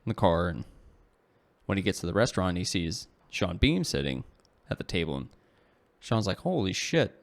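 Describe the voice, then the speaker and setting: Speaking in a deep, expressive voice at a moderate pace, a man co-hosting a podcast rambles through a long story. He leans on "like" and "you know," keeps correcting himself, and drops self-deprecating asides.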